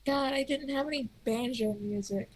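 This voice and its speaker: A woman's voice: sits high, normal speed, low-quality recording. A woman playing a tabletop game, chatty and hesitant, swearing casually. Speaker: player. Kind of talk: casual tabletop role-play.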